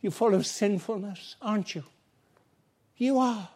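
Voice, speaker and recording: A man's voice: sits high, measured pace, darkish tone. A male preacher giving an earnest, pleading evangelistic sermon, acting out little everyday dialogues.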